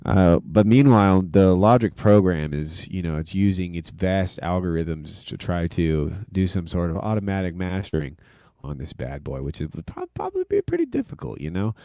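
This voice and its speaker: A man's voice: sits low, big pitch swings, moderate pace, hardly any pauses, mellow, no room sound. A man hosting a casual livestream, rambling loosely with lots of fillers and self-deprecating asides. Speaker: livestream host and music producer.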